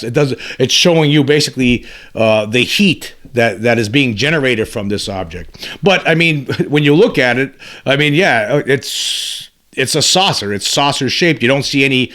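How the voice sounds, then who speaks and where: A man with a voice of ordinary pitch talks through his commentary in a loose, rambling way. He restarts sentences often and presses his points with repeated emphasis. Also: fairly bright tone. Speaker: host. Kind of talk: casual commentary.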